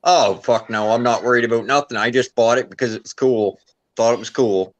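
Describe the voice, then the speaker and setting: A man's voice: mid-range voice, fairly quick. Laid-back swearing man chatting. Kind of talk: casual chat.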